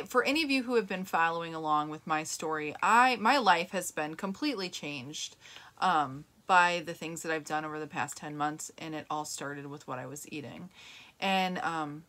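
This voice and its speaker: A woman's voice: on the low side, fairly bright tone. A middle-aged woman hosting her own plant-based health show, talking casually and earnestly to her viewers and listeners, rambling with fillers and restarts. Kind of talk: casual talk to camera and podcast listeners.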